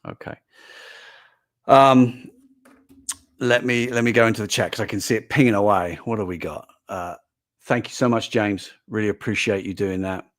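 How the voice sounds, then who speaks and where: A man's voice: on the low side, moderate pace, long pauses. An older man, talking casually and earnestly to viewers on a live stream as a toy brand manager, with frequent fillers and restarts.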